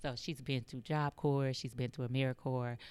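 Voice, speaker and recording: A woman's voice: rumbling low, fairly even intonation, moderate pace, darkish tone, clear, resonant tone, dry recording. A woman telling stories as an interview guest, acting out the voices of the people she quotes. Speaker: public health worker and guest. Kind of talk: storytelling in an interview.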